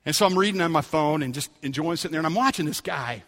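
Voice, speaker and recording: A high-pitched man with a bright, forceful voice preaches a sermon in a church. He moves between easygoing storytelling and loud, emphatic appeals to the congregation. A long hall reverb trails behind every phrase. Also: expressive, fast talker. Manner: storytelling, conversational with rising emphatic calls. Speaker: pastor. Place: church sanctuary.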